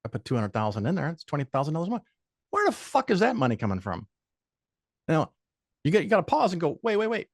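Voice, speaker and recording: A man's voice: on the high side, fast, gravelly, long pauses, no echo, clean studio sound. An older man, a podcast guest, telling stories in casual chat with frequent swearing and quoted voices. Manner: profane, animated anecdotes with quoted voices.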